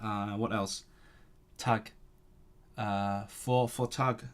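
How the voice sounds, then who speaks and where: A man's voice: fairly low pitch, steady tone, extremely slow, a little hiss or hum. A man who runs a language-learning channel, thinking aloud as he studies, free-associating between languages and correcting himself as he goes. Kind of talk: thinking aloud while studying.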